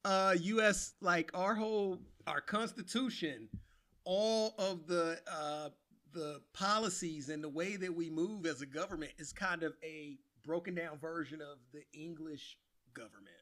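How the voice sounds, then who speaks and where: A man's voice: fairly high pitch, unhurried, bright, forceful tone. A man with a Chicago accent hosting a podcast, chatting casually in a laid-back, laughing, self-mocking way. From Chicago, USA. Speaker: podcast host.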